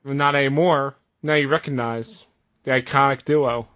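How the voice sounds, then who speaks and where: A man's voice: medium pitch, steady tone, moderate pace, fairly bright tone. A man co-hosting a casual podcast, an eager fan who gets defensive. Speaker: podcast co-host. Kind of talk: casual wrestling chat.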